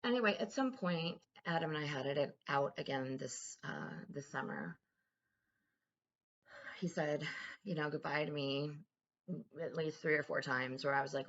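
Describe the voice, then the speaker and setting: Low gravelly-voiced woman vlogging. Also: moderate pace, a bit bright, lo-fi sound. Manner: candid, rambling, swears freely. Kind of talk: casual personal vlog.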